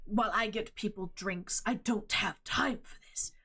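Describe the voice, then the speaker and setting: A woman's voice: mid-range voice, a little slow, background noise, natural voice. A woman voicing a burly, impatient human barkeeper in a tabletop game. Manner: curt, impatient.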